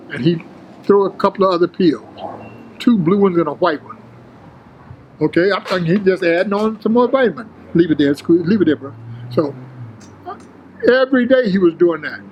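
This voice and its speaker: An older man, a former bodybuilder, telling his story in a casual interview, animated and full of street slang, acting out the quotes. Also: high voice, slight background noise, low-quality recording.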